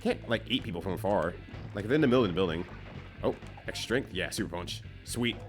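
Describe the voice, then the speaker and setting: A man's voice: lowish voice, expressive, quick pace, music in the background. A man streaming a game live, giving loose, joking commentary that swears casually and rambles between bits.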